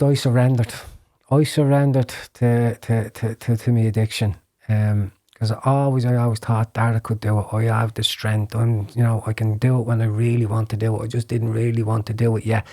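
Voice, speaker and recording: An Irish man telling his personal testimony in a podcast interview, earnest, with repeated words and restarts, sometimes dropping to a hushed whisper. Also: mid-range voice, little pitch movement, moderate pace. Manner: earnest storytelling, drops to a hushed whisper when recalling prayers.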